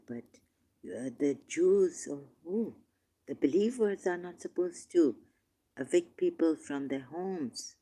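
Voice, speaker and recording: A man reading scripture verses aloud and commenting on them, turning emotional, shifting between quiet musing and loud, drawn-out declaiming. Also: fairly high pitch. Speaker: religious commentator.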